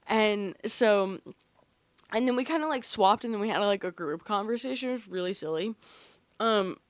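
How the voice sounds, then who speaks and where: A woman's voice: medium pitch, no echo. Young woman, podcast host, casual rambling chat, fillers and swearing, dry close recording. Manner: chatty, animated storytelling with frequent fillers and swearing.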